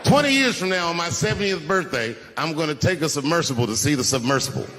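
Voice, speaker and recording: A man's voice: a little high, animated, fast talker. Laid-back man in his fifties doing stand-up. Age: 50s. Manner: laid-back storytelling with repeated words. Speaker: stand-up comedian. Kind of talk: stand-up comedy routine. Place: large venue on stage. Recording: echoey hall with audience noise.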